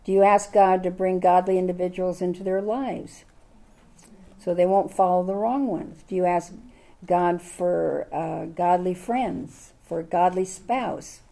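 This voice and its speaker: Older woman, Bible study teacher, mellow voice, chatty and full of questions to the class. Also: fairly low pitch, a little slow, gravelly. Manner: chatty, asks the listeners many questions.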